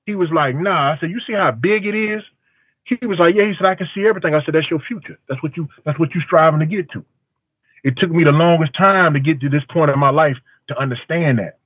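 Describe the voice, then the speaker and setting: Casting: man with a fairly high voice, emphatic storyteller, tinny phone line. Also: fast talker, no room sound. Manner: storytelling with quoted dialogue, emphatic. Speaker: barber. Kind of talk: call-in testimony. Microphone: phone call.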